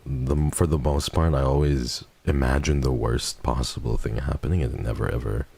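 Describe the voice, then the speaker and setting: A man with a very deep, gravelly voice, chatting casually and a little self-consciously as a streamer on a close desk mic. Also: steady tone, normal speed, a little mellow, no echo. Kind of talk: casual chat.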